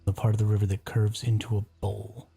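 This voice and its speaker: Mellow low-voiced man streaming a game. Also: level tone, fairly quick, creaky, breathy edge, faint music behind. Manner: chatty, reacts aloud and answers chat. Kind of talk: casual live gameplay commentary.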